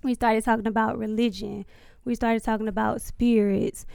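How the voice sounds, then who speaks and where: A woman telling a story in casual, profane chat, animated and laughing, acting out what people said. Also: a little high, moderate pace, creaky, clean tone, no room sound, clean studio sound. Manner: animated, profane, laughs often, acts out quotes.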